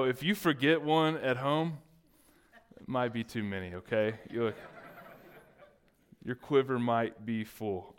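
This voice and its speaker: A man's voice: medium pitch, clear, resonant tone. A man preaching as a pastor, joking and teasing his congregation between points. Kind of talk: sermon with playful asides.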